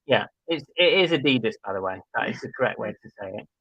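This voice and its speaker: A man's voice: medium pitch, lively intonation, fast talker, pushed and bright, breathy edge, no echo. Guy co-hosting a live stream, chatty and easygoing, dry close sound, bit dull and muffled. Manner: chatty, laid-back, thinking aloud with fillers. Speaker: co-host of a live reselling chat show. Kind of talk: casual live-stream chat, reading viewer comments.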